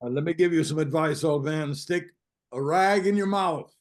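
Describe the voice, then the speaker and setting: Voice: medium pitch, moderate pace, close to an everyday voice. An actor reading the part of an exasperated but good-natured older host who stumbles over his words when he tries to console a friend, in an amateur play reading. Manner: hesitant, stumbling, awkwardly consoling.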